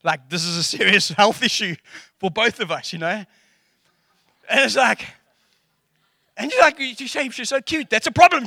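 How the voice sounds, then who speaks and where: Middle-aged South African man, bright and high for a man, close dry sound, preaches a casual sermon with jokes and acted-out quotes. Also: moderate pace, long pauses, no room sound. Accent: South African English. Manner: animated and jokey, acting out quotes.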